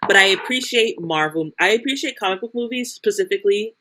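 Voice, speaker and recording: A woman's voice: medium pitch, expressive, fairly quick, sharp tone, a little hiss or hum. A young woman co-hosting a podcast in casual chat, rambling and restarting her sentences. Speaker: podcast co-host.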